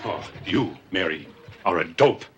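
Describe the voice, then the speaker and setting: An actor playing an exasperated middle-aged husband in a sitcom, blustering and then tender. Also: male voice, deep voice, animated, unhurried, muffled recording, a little hiss or hum. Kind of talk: sitcom acting before a studio audience.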